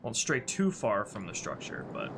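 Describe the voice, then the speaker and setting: A man's voice: on the low side, moderate pace, gravelly, background noise. A man with a stuffy, congested voice, casually thinking aloud as he edits a game level. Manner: thinking aloud, relaxed and offhand. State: congested sinuses. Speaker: game modder and streamer. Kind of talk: casual commentary while modding a game. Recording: music playing underneath.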